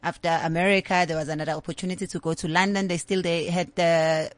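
A woman's voice: fairly low pitch, fairly even intonation, quick pace, no echo. A middle-aged woman with a South African accent, a guest telling her life story candidly in a casual interview. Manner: candid, storytelling, slips in Zulu words.

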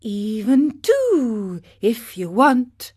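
A woman voicing a polite, calm male dolphin in a storybook reading, speaking in a courteous, measured way. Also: a little high, husky, full character voice.

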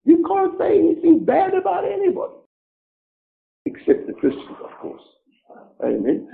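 A middle-aged man preaching with biting sarcasm, his high voice leaping wildly up and down. A gravelly edge runs under his words, and the sound is thin and tinny, like a phone line. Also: huge pitch swings, moderate pace, long pauses. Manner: sarcastic, mocking, theatrical swings of voice. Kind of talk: sermon.

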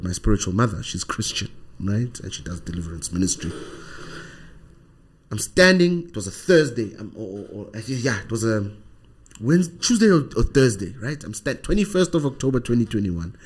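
This husky, fairly low-pitched voice belongs to a man with a South African accent. He's a guest on a podcast, animatedly sharing something from his own life, and he frequently closes his lines with "right?".

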